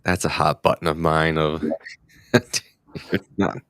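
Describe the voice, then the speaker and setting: A man's voice: a bass voice, little pitch movement, slow, a bit bright, clear, resonant tone, no echo, clean studio sound. A man hosting a hunting podcast, asking questions in a casual, slangy, enthusiastic way. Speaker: podcast host. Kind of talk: casual interview chat.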